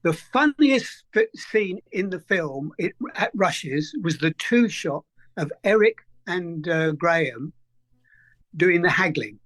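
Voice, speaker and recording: A man's voice: fairly high pitch, lively intonation, takes it slowly, a bit bright. An older man, a film editor being interviewed, telling anecdotes in a conversational way and acting out the quoted lines.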